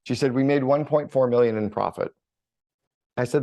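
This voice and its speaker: Man, middle-aged, podcast guest, blunt, energetic, casual storytelling, mid pitch. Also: normal speed, vocal fry, pauses often. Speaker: podcast guest, business coach. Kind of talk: casual conversational interview.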